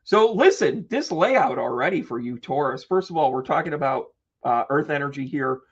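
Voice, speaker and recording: A man hosting a live-stream tarot reading who chats with viewers, playful and joking with quick asides. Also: a little high, lively intonation, slightly rough, lo-fi sound. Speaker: psychic medium and tarot reader.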